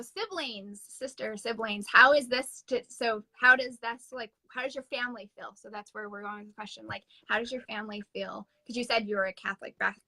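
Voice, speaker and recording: Bright, crisp woman host. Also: medium pitch, no room sound, rough recording. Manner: enthusiastic, talks in quick restarts. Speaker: host and medium. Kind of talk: casual interview chat.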